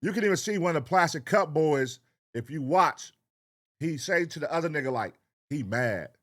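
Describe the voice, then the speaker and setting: A man with a somewhat high voice talks loosely through a reaction video. He riffs in slang, swears freely, and jumps in pitch when something riles him. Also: a little fast. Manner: profane, animated, slangy riffing. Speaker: reaction channel host. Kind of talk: casual reaction commentary.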